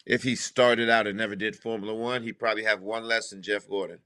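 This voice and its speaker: A man's voice: fairly low pitch, little pitch movement, fast, bright, forceful tone, smooth. A man co-hosting a casual sports podcast, confident and emphatic, repeating his points. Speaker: podcast co-host. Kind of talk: casual chat.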